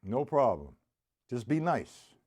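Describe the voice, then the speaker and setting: With drums filling the gaps between exercises, a casual drum teacher live-streams a lesson, chatting and reading viewers' comments aloud. His mid-range, darkish voice has a sing-song lilt and a slow pace.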